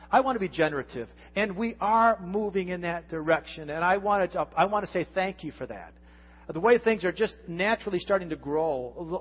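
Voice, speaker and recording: A man preaching a conversational sermon as pastor, his voice swinging from loud emphasis down to hushed lines. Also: fairly high pitch, breathy edge. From United States. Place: church sanctuary. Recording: lo-fi church recording with long reverb and faint music.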